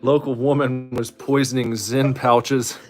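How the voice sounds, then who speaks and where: A man's voice: mid-range voice, level tone, unhurried, darkish tone. A man co-hosting a casual build stream, joking dryly with his partner. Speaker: co-host. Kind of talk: casual chat while building.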